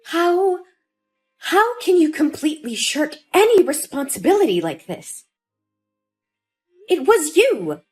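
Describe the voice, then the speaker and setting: A woman's voice: high voice, very animated, slow pace, long pauses, a little mellow, soft background music, exaggerated voice. A woman voicing a young mother who pleads in distress over her missing daughter, in a dramatized story. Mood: distraught.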